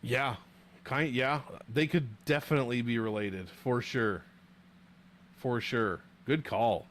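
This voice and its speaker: A young man at a home streaming desk talks straight into his microphone, chatting loosely with his viewers. He jokes, swears freely and riffs in animated banter, his voice sitting at an ordinary mid pitch for a man. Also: slow, a little hiss or hum. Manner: profane, joking, animated banter. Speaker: livestream host rating fighter nicknames. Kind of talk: casual livestream chat with viewers.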